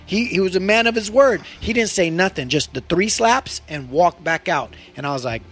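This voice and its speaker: A man co-hosting a podcast, telling stories in casual chat, animated and swearing freely. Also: sits high, moderate pace, faint music behind. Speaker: podcast co-host.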